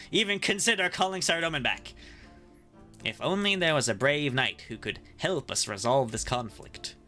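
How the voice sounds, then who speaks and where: A male streamer with a bright, forceful voice reads each character's dialogue aloud as he plays. He cracks jokes and laughs often between the lines, with faint music underneath. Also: fairly high pitch. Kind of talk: casual playthrough with voiced reading.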